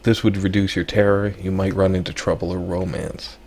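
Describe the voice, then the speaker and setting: A man hosting a let's play, casually reading game text and thinking aloud with relaxed asides. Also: sits low, brisk, a little hiss or hum.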